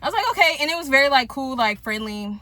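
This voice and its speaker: A woman in her thirties talks straight to her viewers from her parked car. She tells a rambling, chatty story and keeps pulling the audience in as she goes. Her voice sits a little high. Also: lively intonation, quick pace, sharp tone. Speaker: vlogger, single mom. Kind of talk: casual chat to viewers.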